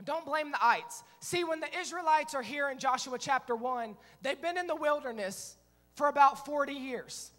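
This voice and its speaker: A middle-aged man preaching a sermon as pastor, telling stories in an animated way and breaking into shouts. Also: extremely high pitch, a little slow. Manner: animated storytelling, acting out scenes, bursts of shouting. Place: church sanctuary. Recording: long reverb of a church hall.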